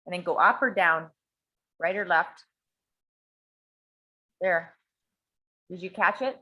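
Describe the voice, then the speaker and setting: A woman talking in a blunt, animated way, swearing freely as she leads a small group. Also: lowish voice, slow pace. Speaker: coach and workshop leader. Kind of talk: casual talk to a small group.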